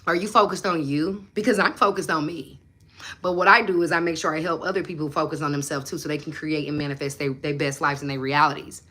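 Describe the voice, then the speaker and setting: Blunt, bright-voiced woman preaching self-belief. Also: fast. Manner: animated, swings between loud emphasis and low asides. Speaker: manifestation coach and channel host. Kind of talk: motivational live chat answering viewers.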